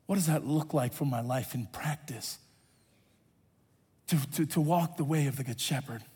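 A man's voice: a little high, moderate pace, long pauses, a little mellow, breathy edge, big-room sound. A male pastor preaching a sermon, stretching refrains into half-sung lines.

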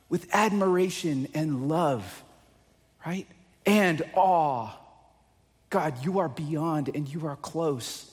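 A pastor preaching a conversational sermon, often asking the congregation questions. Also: male voice, fairly high pitch, long reverb tail.

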